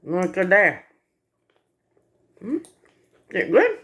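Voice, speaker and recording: A woman's voice: medium pitch, huge pitch swings, takes it slowly, a bit bright. A woman in a home video, talking to her pet in doting baby talk while it eats. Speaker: pet owner filming her pet.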